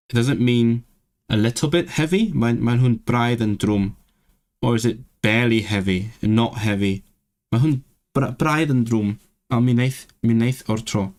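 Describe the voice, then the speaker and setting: A young man chatting casually on a livestream, talking things over as he goes, often restarting words and reading lesson text aloud. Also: medium pitch. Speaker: streamer studying a language.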